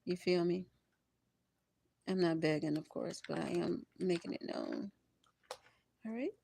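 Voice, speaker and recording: An older woman reading tarot on a livestream, expressive and preachy, often laughing and calling her listeners honey and baby. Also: on the low side, measured pace, creaky, slight background noise. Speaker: tarot reader.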